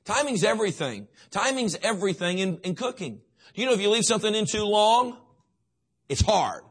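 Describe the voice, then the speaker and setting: Emphatic, slightly high-voiced male preacher. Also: very animated, fairly quick, breathy edge. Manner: emphatic, repetitive, asks the crowd questions. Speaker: youth pastor. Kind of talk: sermon to teenagers.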